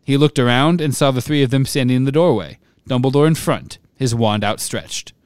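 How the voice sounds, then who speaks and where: A man co-hosting a podcast, reading a novel aloud with steady expression and breaking off to chat and laugh. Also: mid-range voice, brisk, clean tone, no echo.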